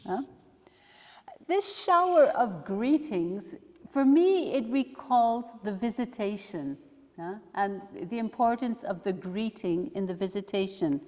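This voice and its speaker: A woman, a religious sister, leading a study day, talking slowly and thoughtfully with soft asides as she reads aloud. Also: mid-range voice, animated. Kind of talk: reflective teaching talk with readings. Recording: long hall reverb.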